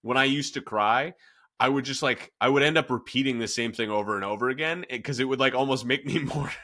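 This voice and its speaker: A man's voice: medium pitch, quick pace, sharp tone. A man in his thirties hosting a casual podcast, talking in a candid, self-reflective way with many fillers and restarts. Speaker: podcast host, fitness coach. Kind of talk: candid conversational podcast talk.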